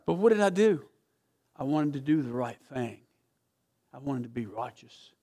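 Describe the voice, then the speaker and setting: A man preaching a sermon as pastor, telling a story with passion, swinging from loud to hushed. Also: mid-range voice, lively intonation, normal speed, slightly rough. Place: church sanctuary.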